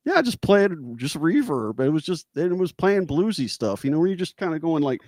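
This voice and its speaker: Animated male guitarist telling stories. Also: on the high side, brisk, dry recording, studio quality. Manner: animated, laughing often, acting out voices in stories. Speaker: guest guitarist. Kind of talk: casual storytelling chat.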